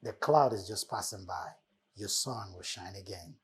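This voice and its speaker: A man's voice: low-pitched, normal speed. A man hosting a motivational talk, preaching life lessons with emphatic, repeated phrases. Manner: preacherly, repeating key words with emphatic swells. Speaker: host.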